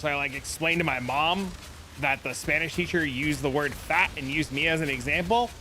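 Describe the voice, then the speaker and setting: High bright-voiced man telling stories. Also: moderate pace, a little hiss or hum. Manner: profane, rambling. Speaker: streamer. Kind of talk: casual storytelling.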